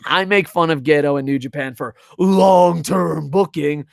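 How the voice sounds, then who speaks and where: A man's voice: fairly high pitch, a little slow, creaky, no echo, clean studio sound. Profane, rambling male stream commentator. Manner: rambling, profane, reads chat aloud. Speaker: wrestling review streamer. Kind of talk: casual live-stream commentary. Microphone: desk microphone.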